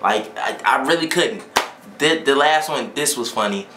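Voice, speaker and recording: A man hosting a reaction video, chatting casually and exclaiming excitedly. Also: medium pitch, moderate pace, echoey room, noisy background. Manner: excitable, exclaims and laughs along.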